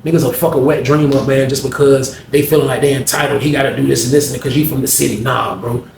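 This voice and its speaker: A man telling a story in casual, slang-heavy talk, getting loud when he acts out arguments. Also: medium pitch, fairly even intonation, fast talker, gravelly, echoey room, slight background noise. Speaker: storyteller host.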